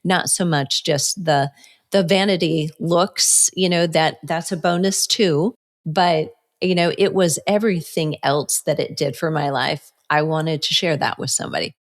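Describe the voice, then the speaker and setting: A woman's voice: sits low, steady tone, a little slow. A woman in her sixties, a fitness coach, talking as a podcast guest in an earnest, reflective way. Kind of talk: conversational interview.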